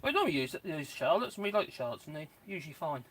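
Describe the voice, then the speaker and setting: Very animated and racing along, a man with a voice on the high side and a somewhat bright tone hosts a live stream from his garden, kneeling in mud. He chats loosely, addressing his dogs and viewers in asides, and the outdoor recording from a tripod-mounted phone carries slight background noise.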